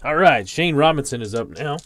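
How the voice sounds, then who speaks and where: A man calling play-by-play for a tabletop baseball simulation, slowly reading out dice rolls and player stats. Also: fairly high pitch, lively intonation, fairly bright tone. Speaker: league commissioner calling a tabletop baseball sim. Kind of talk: play-by-play commentary.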